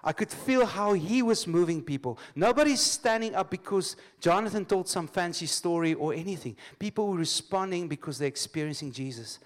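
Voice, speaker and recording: A man preaches in a higher-pitched voice. He leads the congregation in call-and-response and laughs readily. His storytelling is loose and full of restarts. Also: lively intonation, fairly quick, few pauses. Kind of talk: sermon. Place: church congregation.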